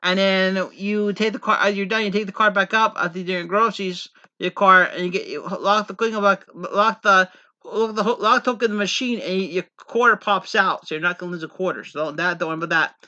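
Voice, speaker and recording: A man's voice: high-pitched, brisk, pushed and bright, muffled recording. A man from the Pennsylvania coal region talking in a rambling, earnest monologue, repeating himself with many false starts. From Pennsylvania coal region, USA. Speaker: vlogger. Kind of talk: casual rambling monologue to camera.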